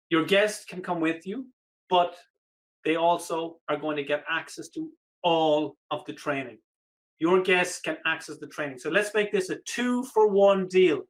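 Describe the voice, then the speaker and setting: A man giving an energetic, persuasive sales pitch on a live webinar, repeating the offer, his voice slightly hoarse. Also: rough recording. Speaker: online business coach.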